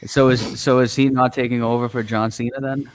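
A man's voice: mid-range voice, little pitch movement, a little fast. A man co-hosts a casual live sports podcast and reads viewer comments aloud. He keeps a laid-back tone and mostly answers in short replies. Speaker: podcast co-host reading comments. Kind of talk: casual live-stream chat.

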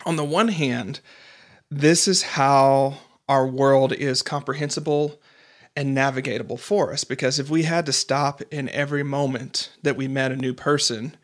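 A man's voice: medium pitch, fairly even intonation, normal speed. A man hosting a podcast interview, talking reflectively in a casual way and acting out the voices he quotes with small laughs. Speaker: podcast host.

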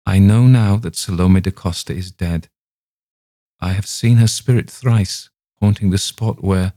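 A man's voice: low-pitched, moderate pace, warm tone, dry recording, clean studio sound, lightly acted. A man voicing an agitated young man who pleads urgently and emotionally.

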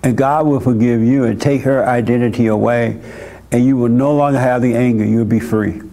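Guy running a church session, mellow warm voice, keeps firing short questions at the caller, blunt and insistent. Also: mid-range voice, steady tone, fairly quick. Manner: direct and insistent, repeats words for emphasis; asks short pointed questions. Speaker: church host counseling a young caller. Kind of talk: blunt counseling conversation.

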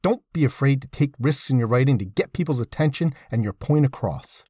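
Wry man reading an essay, husky. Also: mid-range voice, brisk, no echo, clean studio sound. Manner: wry, sardonic asides; lively, emphatic delivery. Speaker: essay reader.

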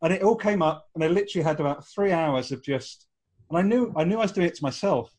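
A man's voice: fairly high pitch, quick pace, darkish tone, slight background noise. A man hosting a podcast interview, friendly and chuckling, with frequent restarts. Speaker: podcast host. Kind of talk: casual interview chat.

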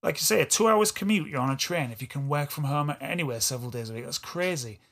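An English podcast co-host with an East Yorkshire accent rambles through a casual, self-deprecating chat. He talks fast in a fairly high, fairly bright voice with lively intonation, over soft background music.

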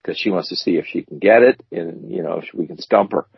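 A man's voice: low-pitched, a little fast, creaky, slightly rough, no room sound. A man co-hosting a casual chat show, joking and rambling as he tells stories. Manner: animated, joking, rambling storyteller. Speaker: co-host. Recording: dull, dry lo-fi audio.

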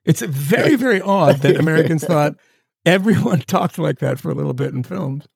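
A man with a gravelly, slightly high voice talks loosely and jokily, wandering from thought to thought in casual podcast chat. The sound is dry and close, like a home video call. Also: expressive, darkish tone, no room sound. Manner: rambling, jokey, swears, does quick mock voices. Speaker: podcast co-host.

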